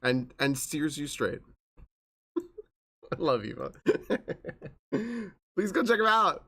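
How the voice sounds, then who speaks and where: A man's voice: fairly high pitch, big pitch swings, slow pace, vocal fry, pushed and bright, breathy edge. A young man live-streaming a game, chatting in an upbeat way and greeting his viewers one after another.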